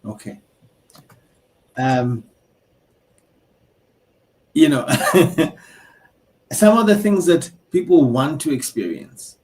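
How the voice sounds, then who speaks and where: A man's voice: fairly high pitch, big pitch swings, extremely slow, long pauses, darkish tone. A man hosting a panel discussion, asking playful, probing questions. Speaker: host.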